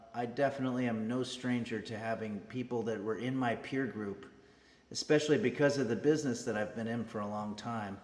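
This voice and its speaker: A man hosting a cooking stream, chatting casually and hesitantly to viewers with many pauses and fillers. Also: mid-range voice, roomy sound, in a large hall. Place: home kitchen streaming setup.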